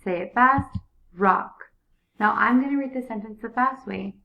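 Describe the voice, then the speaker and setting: Woman, early reading teacher, slow and clear repetitive prompting, dull lo-fi sound. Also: fairly high pitch, noisy background. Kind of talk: early reading lesson for young students.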